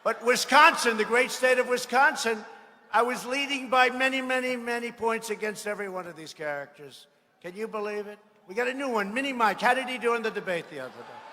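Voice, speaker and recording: A man giving a rally speech, boastful and mocking, repeating himself and bursting into shouts. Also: extremely high pitch, animated, fairly quick, slight background noise. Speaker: political speaker at a rally. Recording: echoey hall with faint ambience.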